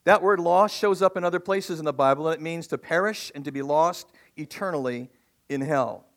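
A male pastor preaching a sermon, animated and asking the congregation questions. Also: fairly high pitch, fairly quick.

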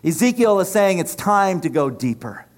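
Impassioned high-voiced male preacher. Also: very animated, moderate pace. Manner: impassioned, rhythmic preaching with repeated phrases. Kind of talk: sermon.

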